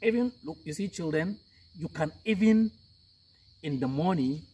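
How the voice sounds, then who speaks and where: Raspy-voiced guy, kinda high for a man, keeps saying "you know", recorded from a bit away. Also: animated, normal speed, a little mellow, far from the mic. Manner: emphatic, repeats "you know", acts out greetings. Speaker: guest speaker on communication. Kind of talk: informal advice talk.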